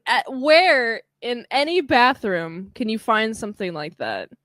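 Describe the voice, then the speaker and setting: A woman co-hosting a podcast, chatting casually about a film and acting out the characters' lines in quick voices. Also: a little high, expressive, fairly bright tone, no room sound. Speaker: podcast co-host. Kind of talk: casual chat recapping a film.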